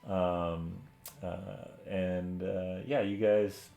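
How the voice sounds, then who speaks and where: A man's voice: sits low, little pitch movement, drawn-out words, vocal fry, dark tone, muffled recording. A man narrating as game master in a casual way, with many fillers. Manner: casual, filler-heavy, laughing.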